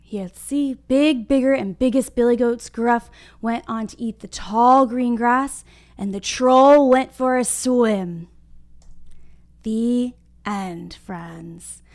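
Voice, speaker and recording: A young woman with a fairly high voice leads a read-aloud lesson for small children. She is upbeat and cheerful, and she speaks to her young listeners as friends. She sounds like a patient kindergarten teacher. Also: takes it slowly, darkish tone.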